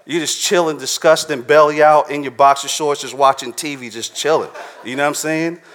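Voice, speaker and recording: A man's voice: on the high side, fairly even intonation, a little fast, fairly bright tone. A man preaching a sermon to a live congregation in a casual, slangy, conversational way, often checking in with his listeners.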